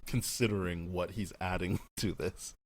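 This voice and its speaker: Man, low voice, casual podcast co-host, rambling, laughs a lot. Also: steady tone, moderate pace, dry recording. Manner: rambling, laughs often, acts out quotes. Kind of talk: casual movie review chat.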